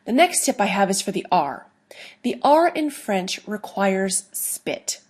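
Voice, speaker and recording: A woman teaching a recorded online lesson, explaining slowly and deliberately with playful asides. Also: medium pitch, very animated, a little mellow. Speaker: language teacher.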